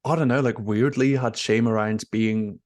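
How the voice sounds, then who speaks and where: A young nurse coach with a voice on the low side speaks at normal speed in a studio-quality, echo-free recording. He's an interview guest in a candid conversation, emotional and expressive, leaning heavily on "like" and "you know."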